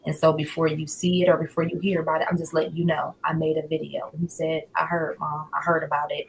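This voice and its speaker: A woman's voice: low-pitched, flat delivery, quick pace, vocal fry, slight background noise, low-quality recording. A woman, calling into a livestream as a guest and earnestly telling how things went with her son, quoting each conversation word for word. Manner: earnest, retells conversations word for word, rises when upset. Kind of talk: emotional personal account on a livestream. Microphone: remote call into a livestream.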